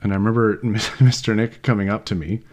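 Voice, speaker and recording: A man's voice: on the low side, fairly even intonation, a little fast, a little mellow. A man co-hosting a podcast, telling a school anecdote in casual chat and laughing often. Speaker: podcast co-host.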